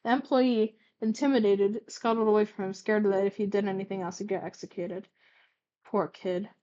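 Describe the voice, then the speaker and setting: A woman's voice: mid-range voice, normal speed, darkish tone, lo-fi sound. A young woman casually reading her own old fanfic aloud, stuttering and stumbling with fillers and self-corrections, and commenting along the way.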